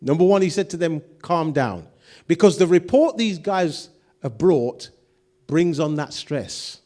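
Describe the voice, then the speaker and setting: A man's voice: a little high, expressive, a little slow, mellow. A man preaching a sermon, acting out quoted voices and putting questions to the congregation. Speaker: pastor.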